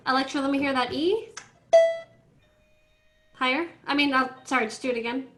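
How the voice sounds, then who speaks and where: A woman teaching an online violin class, coaching students through tuning in a brisk, directive way over a video call. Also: sits high, a bit bright. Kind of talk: online group class instruction. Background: faint violin notes from students.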